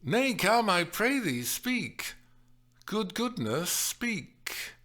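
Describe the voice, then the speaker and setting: A man's voice: high voice, sing-song, drawn-out words, sharp tone, voice pushed up, full character voice. A man reading a storybook voicing a prim, well-bred young woman who recites in an affected sing-song. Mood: tentative.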